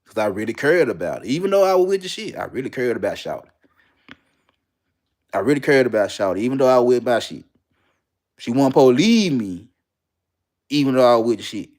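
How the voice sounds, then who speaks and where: A man's voice: mid-range voice, sing-song, fairly quick, pauses often, a little mellow. A young man, telling a candid personal story bluntly and with lots of profanity, repeating lines for emphasis.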